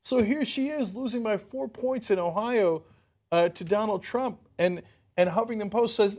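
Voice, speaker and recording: A man hosting a political talk show, giving animated and worked-up commentary. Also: sits high, moderate pace.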